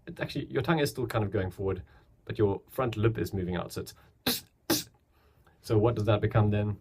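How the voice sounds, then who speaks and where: A man's voice: lowish voice, a little fast, warm tone, a little hiss or hum. A young man casually explaining beatboxing basics on camera, chatty and loose, often restarting his sentences. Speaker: beatbox teacher. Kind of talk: casual tutorial. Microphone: camera mic, filming himself.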